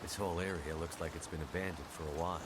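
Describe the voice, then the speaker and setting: A man playing a cold, weary male survivor in a video game, muttering low and quietly to himself. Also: fairly even intonation, rapid-fire, a little hiss or hum, natural voice. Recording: game audio with faint ambience.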